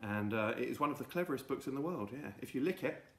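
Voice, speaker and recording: A man hosting a silly lesson for children with a mock-grand, drawn-out delivery. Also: medium pitch, lively intonation, echoey room. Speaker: children's show host. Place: home.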